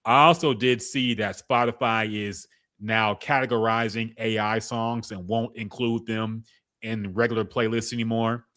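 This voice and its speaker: A man with a lowish voice and a bright, forceful edge chats casually as a podcast co-host. He gives his opinions in a relaxed, easygoing way and laughs often. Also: normal speed. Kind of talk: casual chat about music.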